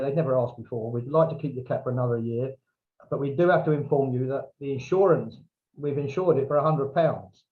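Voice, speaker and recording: A man tells a long casual anecdote as a podcast guest, bringing in other people's lines in lively, raised voices. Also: medium pitch. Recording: dull, lo-fi remote audio.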